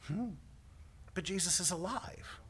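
A male minister preaching a sermon, telling a personal story in an animated way, with frequent laughs and repeated words. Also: sits high, unhurried, breathy edge.

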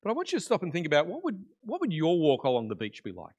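A man preaching a conversational sermon in church, swinging between loud emphasis and quiet, intimate asides. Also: fairly high pitch, wildly swooping pitch, quick pace, highs cut off. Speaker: pastor.

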